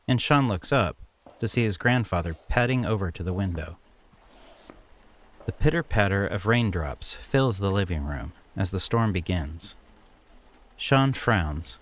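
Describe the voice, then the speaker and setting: A man narrating an immersive story in a slow, dramatic storytelling manner. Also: low-pitched. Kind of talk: scripted narration.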